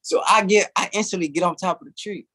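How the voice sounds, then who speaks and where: Guest, male, fairly high voice, loose animated storyteller, slangy, says "bro" a lot. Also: fast. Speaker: interview guest. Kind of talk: casual storytelling.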